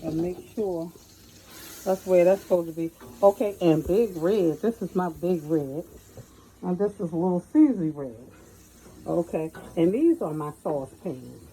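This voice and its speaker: A woman's voice: on the low side, lively intonation, a little slow, mellow, a little hiss or hum, low-quality recording. A middle-aged woman giving a folksy, chatty cooking tutorial in her home kitchen, often calling out to viewers as y'all. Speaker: home cook.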